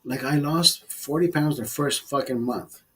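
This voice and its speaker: A man's voice: medium pitch, measured pace, husky, low-quality recording. A middle-aged man telling stories in a casual vlog, rambling, repeating himself and swearing a lot. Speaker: vlogger. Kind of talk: casual storytelling while drinking.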